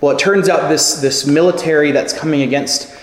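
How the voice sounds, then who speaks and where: A man preaching a sermon, telling stories with lively acted-out quotes. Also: fairly high pitch, fairly quick. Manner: animated storytelling with acted quotes. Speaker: pastor. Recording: echoey hall with long reverb.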